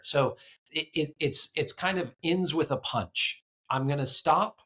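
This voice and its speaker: A man's voice: fairly high pitch, measured pace, a bit bright. A man co-hosting a casual Bible study podcast, speaking in an earnest, reflective way with some stammered restarts. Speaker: podcast co-host.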